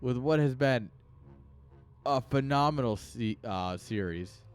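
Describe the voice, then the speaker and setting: An excitable young man commentates a live strategy match, cracking jokes and talking to his viewers. His pitch sits in an ordinary middle range. Soft music plays quietly behind him. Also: slow, clean tone. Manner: excitable, joking, talks to chat. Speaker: game caster.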